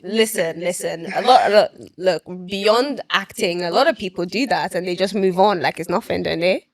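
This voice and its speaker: A young adult actress speaking as an interview guest in casual chat, expressive and quick to laugh. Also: female voice, fairly low pitch, no room sound. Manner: expressive, laughs often, lively storytelling.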